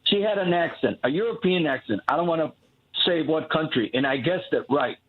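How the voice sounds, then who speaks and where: Lively high-voiced man on a phone line. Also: fairly quick, husky. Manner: rambling, restarts often, acts out quoted people. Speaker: caller. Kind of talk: call-in radio talk.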